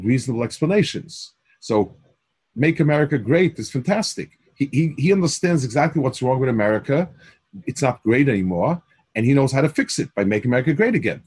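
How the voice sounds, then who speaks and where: A man's voice: medium pitch, a little mellow, husky. An older man teaching a Torah class, mixing Hebrew phrases into English with frequent restarts.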